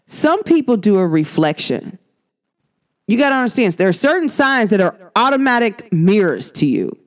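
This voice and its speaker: A woman talking casually to her viewers about astrology, slangy and direct. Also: medium pitch. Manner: animated, slangy, talks straight to viewers. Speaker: astrology vlogger. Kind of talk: casual talk to camera.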